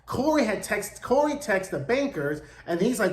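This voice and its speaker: A man's voice: sits high, sing-song, normal speed. A man hosting a casual TV episode recap, chatty and full of slang. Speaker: TV recap host. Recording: echoey room.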